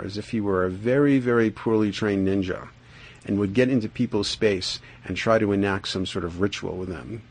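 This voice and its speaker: A man hosting a podcast, reading his own first-person dream journal and commentary in a deliberate, measured way, sometimes drawing phrases out slowly. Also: on the low side.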